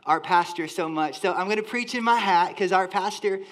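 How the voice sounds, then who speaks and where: A man from the Southern United States preaching a lively, joking sermon as a church worship leader. He talks directly to the congregation. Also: high voice, fairly quick. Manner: enthusiastic, playful, talks to the congregation. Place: church sanctuary.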